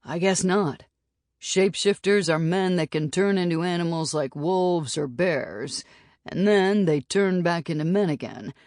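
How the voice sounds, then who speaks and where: A woman playing a steady frontier bounty hunter, calm and plain-spoken. He explains things evenly. Close, dry audiobook sound. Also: lowish voice, a little slow, dry recording, close to an everyday voice.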